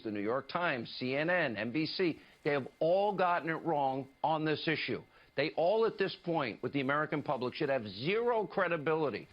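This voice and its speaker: A man's voice: a little high, lo-fi sound. A man delivering an emphatic, indignant political commentary monologue in the style of a TV news commentator, often quoting statements.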